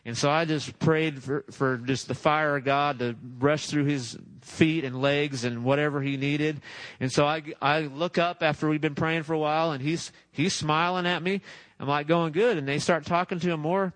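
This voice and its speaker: Chatty storytelling pastor, fairly high voice. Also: male voice, a bit bright, no echo, rough recording. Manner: chatty, laughs at his own story, acts out voices. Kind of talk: sermon testimony storytelling.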